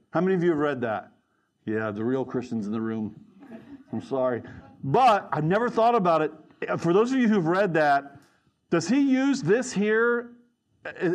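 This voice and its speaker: A middle-aged man preaching a sermon, teaching earnestly and emphatically and turning to the congregation with asides. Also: fairly high pitch.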